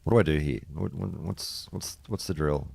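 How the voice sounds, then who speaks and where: A man's voice: rumbling low, normal speed, vocal fry, darkish tone, slightly rough, no room sound. A man chatting casually and bluntly on a live stream, swearing freely and rambling between thoughts. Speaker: streamer and podcast host. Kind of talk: casual live-stream chat while gaming.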